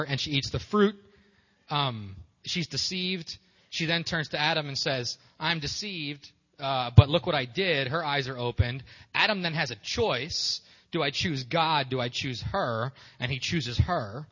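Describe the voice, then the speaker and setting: A male preacher gives a loose, joking sermon full of restarts and asides. His voice is bright with a husky edge and carries a long hall reverb on a dull, lo-fi recording. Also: medium pitch. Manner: casual, joking and irreverent, many restarts.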